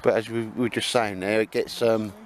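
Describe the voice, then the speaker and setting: Speaking fairly quickly in a lowish, flat voice, a man vlogs from a woodland campfire. He trades jokes with his mates and teases them in a laddish, casual way.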